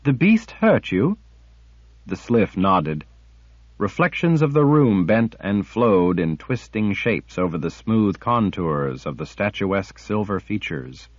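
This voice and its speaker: A man narrating a fantasy audiobook with measured, dramatic storytelling. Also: deep voice, animated, dry recording. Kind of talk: scripted narration. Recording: dull lo-fi audiobook recording.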